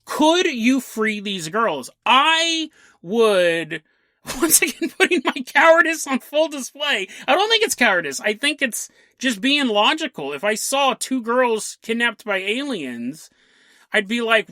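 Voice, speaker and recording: Male podcast host, animated swooping delivery, laughs through jokey tangents, dry close mic. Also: very high voice, dry recording. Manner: laughs often, jokey asides, voices quick characters. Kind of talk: casual storytelling monologue.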